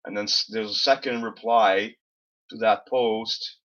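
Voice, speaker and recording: Man, live-stream host, rambling and fed up, bright voice, muffled lo-fi audio. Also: lowish voice, fairly even intonation, unhurried. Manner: rambling, exasperated storytelling, swears freely. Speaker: livestream host. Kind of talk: casual live-stream chat. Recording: slightly dull lo-fi stream audio.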